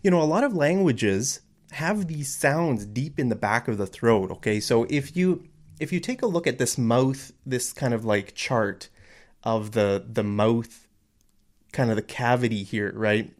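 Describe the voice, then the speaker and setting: A man with a North American accent teaches an English lesson from home in a loose, chatty way. He gets excitable and often restarts his sentences, and his voice sits in an ordinary middle pitch. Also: a little slow. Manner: chatty, excitable, explains with many fillers and restarts. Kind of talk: casual online lesson.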